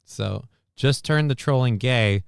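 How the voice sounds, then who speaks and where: A man's voice: medium pitch, slow, gravelly, clean tone, dry recording, clean studio sound. A man hosting a livestream, reacting to news clips in blunt, sarcastic casual commentary, swearing often. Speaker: livestream host.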